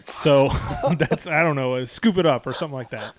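A man's voice: medium pitch, normal speed, dry recording, clean studio sound. A man co-hosting a casual chat, rambling and profane, often restarting his sentences.

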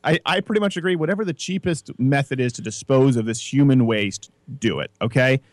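A man's voice: mid-range voice, brisk, no room sound. A man hosting a casual comedic talk show, telling stories and mimicking other voices as he goes. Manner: animated storyteller, mimics voices in anecdotes. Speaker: podcast host.

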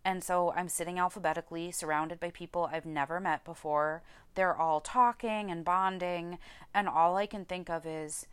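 A woman's voice: on the low side, normal speed, clear, resonant tone, no echo. A young woman hosting a podcast, candidly telling a personal story, swearing freely and getting close to tears. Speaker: podcast host.

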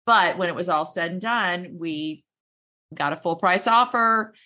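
A woman's voice: lowish voice, a little slow, pushed and bright. A middle-aged woman realtor talking as a podcast guest, enthusiastic and emotional, laughing easily. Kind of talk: casual interview chat.

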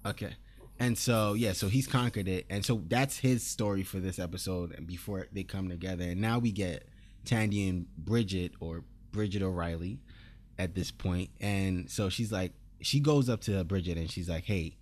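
A man's voice: sits low, normal speed, a little mellow. Laid-back man rambling through a recap. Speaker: podcast co-host. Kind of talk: casual chat recapping episodes.

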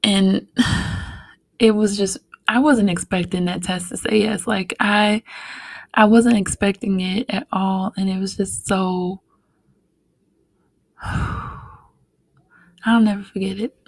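Slow, soft-spoken young woman telling her story. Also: medium pitch, steady tone, no echo, low-quality recording. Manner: soft-spoken, heartfelt, with many fillers. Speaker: podcast guest. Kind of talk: personal storytelling.

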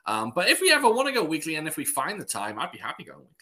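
A man's voice: fairly high pitch, wildly swooping pitch, racing, pushed and bright, slightly rough. A man co-hosting a podcast in casual chat, joking around and laughing easily. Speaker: podcast co-host.

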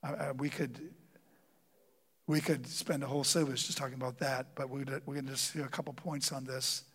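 A middle-aged pastor giving a conversational sermon, stumbling over fillers and repeated words, then slowing down to stress scripture. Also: male voice, medium pitch, level tone, a bit bright, slightly rough.

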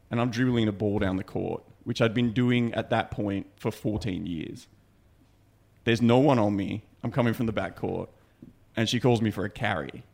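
A man's voice: on the low side, creaky. A young man co-hosting a podcast, telling stories in casual chat, swearing freely and laughing. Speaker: podcast co-host.

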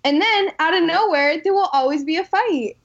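A woman's voice: very high-pitched, normal speed, muffled recording. A young woman in casual chat, telling stories animatedly and saying "like" a lot. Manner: animated storytelling with many likes.

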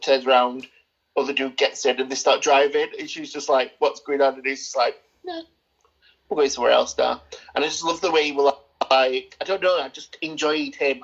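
A man's voice: medium pitch, a bit bright. A man co-hosting a casual film review podcast, rambling and opinionated, with plenty of hesitations. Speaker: podcast co-host. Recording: dull lo-fi sound.

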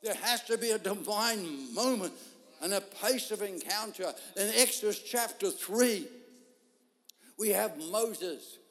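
A man preaching a sermon, telling a story in an animated way and acting out the voices of people in it. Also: high-pitched, takes it slowly. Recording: long hall reverb.

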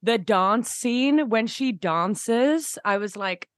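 A woman's voice: a little high, lively intonation, takes it slowly, no room sound. A young woman musician talking as a guest in a casual interview, gushing and rambling with many fillers and restarts.

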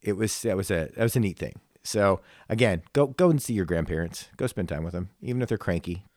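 A man co-hosting a casual talk show, telling a personal story in a reflective, emotional way with frequent halting restarts. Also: low voice, animated, darkish tone, dry recording, clean studio sound. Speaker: podcast co-host.

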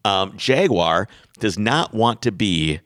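A man's voice: on the low side, animated, takes it slowly, a bit bright, dry recording, studio quality. A man co-hosting a podcast, chatting casually and animatedly and laughing easily. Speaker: podcast co-host. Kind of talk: casual chat.

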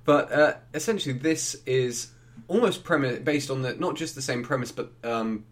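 A man's voice: medium pitch, normal speed. A man co-hosting a film review podcast, talking casually with frequent restarts and laughter. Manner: rambling, restarts often, laughs easily.

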